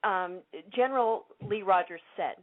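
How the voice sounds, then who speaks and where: A woman's voice: medium pitch, measured pace. A woman guest on a casual political talk show, eager and keen to share quotes from friends. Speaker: guest commentator. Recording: tinny phone-like line.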